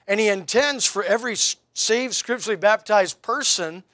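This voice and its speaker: Male pastor, middle-aged, sermon delivery, high bright voice, wry questioning style, dry close sound. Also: normal speed, no room sound. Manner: rhetorical questions, wry and emphatic.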